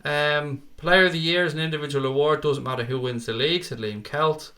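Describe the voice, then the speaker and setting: Bright-voiced man chatting on a stream. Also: fairly high pitch, brisk. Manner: chatty, informal, keeps calling viewers mate and pal. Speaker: host of a football fan live stream. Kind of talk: casual live-stream chat reading viewer comments.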